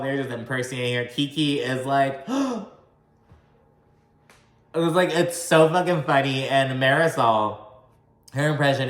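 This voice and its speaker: A man's voice: medium pitch, fairly bright tone. A man dishing on a reality show in loose, profane vlog chatter. He runs his words together and leans on "like" constantly, with a bit of a country twang. His voice bounces around an echoey room. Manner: chatty, swears often, says "like" a lot; admits talking fast and mashing words together. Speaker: reality TV recap host. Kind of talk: casual profane recap vlog.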